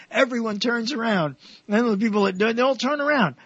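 A man's voice: very high-pitched, fairly quick, breathy edge, dry recording, muffled recording. Rambling man telling jokes on radio. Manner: rambling, restarts often, animated punchlines. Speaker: radio show host.

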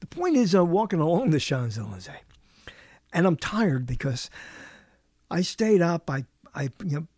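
A man's voice: fairly high pitch, very animated, moderate pace, pauses often, darkish tone, dry recording. Older man, radio host, solo monologue, stuffy nose, self-correcting, laughing often, dry studio sound. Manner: chuckling often, self-correcting, wandering anecdote.

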